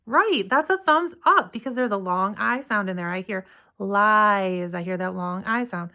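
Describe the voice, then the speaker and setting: A woman teacher giving a remote phonics lesson to young children, patiently sounding out words slowly and praising answers. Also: medium pitch, lively intonation, sharp tone. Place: home, downstairs room.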